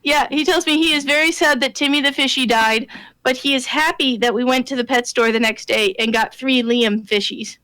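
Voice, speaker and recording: A woman co-hosting a casual chat show, talking in a high, bright voice and laughing easily. Her sound is dry and close to the mic. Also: a little fast, dry recording, rough recording. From Nebraska.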